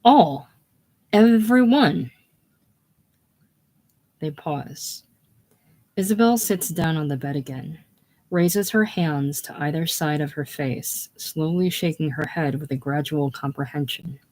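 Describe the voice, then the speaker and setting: A reader going through stage directions in a casual play reading, plain and unhurried. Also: medium pitch, darkish tone.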